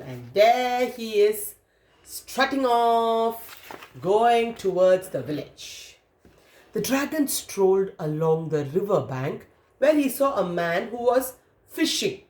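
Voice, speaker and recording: A woman reads a children's story aloud at an unhurried pace, stopping often to ask her young listeners questions. Her voice sits at a middle pitch, and the recording has a roomy echo around it. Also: a little mellow. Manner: interactive, asks listeners questions.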